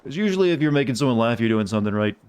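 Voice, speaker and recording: A man with a mild Southern American accent chats loosely and rambles while he plays a game on stream. His voice sits at an ordinary middle pitch, and he keeps the talk relaxed and self-deprecating. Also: very fast, clear, resonant tone. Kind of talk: casual gaming stream chat.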